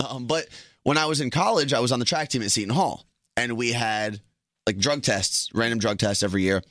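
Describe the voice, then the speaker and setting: A man's voice: mid-range voice, brisk, a bit bright, no room sound, studio quality. A young man co-hosting a casual podcast, telling stories and teasing his co-host. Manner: joking, storytelling, teasing. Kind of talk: casual chat.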